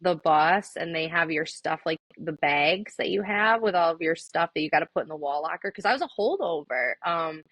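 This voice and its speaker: A woman's voice: sits low, lively intonation, normal speed, few pauses, a bit bright, breathy edge, no room sound. A young adult woman telling her story as an interview guest in a casual, chatty way, full of likes and ums. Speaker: interview guest, army veteran.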